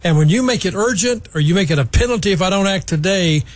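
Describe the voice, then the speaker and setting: A man's voice: high-pitched, animated, fast, dry recording. A man hosting a radio talk show, chatting with guests and reading out credits. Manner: friendly, reads phone numbers and credits.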